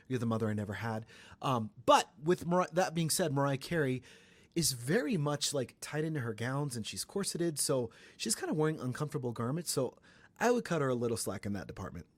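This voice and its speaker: A young man hosts a casual pop-culture podcast, talking in a chatty, animated way. His voice sits at an ordinary pitch for a man. The sound is dry and close, with no room echo. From Atlanta area, Georgia. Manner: chatty and animated, breaks into high sung bits. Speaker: podcast host. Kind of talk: casual celebrity gossip podcast.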